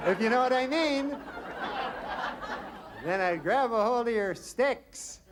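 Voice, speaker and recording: A man playing a sleazy, creepy bachelor who speaks slowly and suggestively. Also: very high voice, animated, crowd noise, pitched above the performer's own voice, exaggerated voice. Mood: leering. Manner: slow, leering, suggestive. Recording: noisy live stand-up recording.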